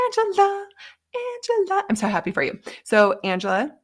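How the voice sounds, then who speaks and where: A woman's voice: very high-pitched, wildly swooping pitch, a little slow. A woman hosting a live online session, chatting casually in a gushing way with lots of filler words. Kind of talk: casual live-stream chat.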